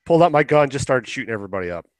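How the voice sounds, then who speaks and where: A man's voice: mid-range voice, big pitch swings, racing, no echo. A man co-hosting a podcast in casual chat, rambling and swearing casually as he acts out quotes. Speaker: podcast co-host.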